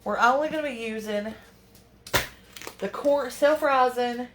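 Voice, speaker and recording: A woman with a slightly high, slightly slow voice chats casually with viewers in a folksy cooking demonstration, fretting aloud as she fumbles around her home kitchen. A distant mic captures the noisy, echoey room and its clattering pans.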